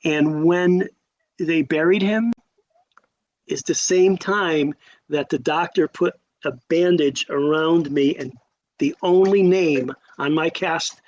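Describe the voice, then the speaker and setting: A man in his sixties from Connecticut, telling stories as a podcast guest in a lively way, acting out quotes and often restarting his sentences. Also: a little high, takes it slowly, lo-fi sound. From Connecticut, USA. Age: 60s. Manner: animated, acts out quotes, frequent restarts. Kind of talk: casual storytelling.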